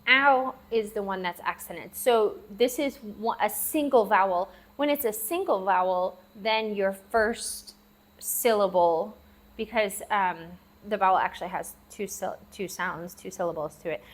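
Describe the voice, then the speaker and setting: Woman, language teacher, patient, slow careful repetition, spells words out, mid-pitched voice. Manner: patient, repeats words slowly and spells them out. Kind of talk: classroom-style language lesson. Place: lives abroad in Southeast Asia.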